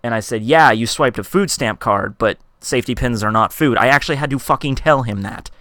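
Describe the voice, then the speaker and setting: A man's voice: medium pitch, a little fast, sharp tone, no echo, clean studio sound. Profane ranting man telling a story. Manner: profane, exasperated, acts out quoted customers. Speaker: vlogger. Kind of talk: casual storytelling rant.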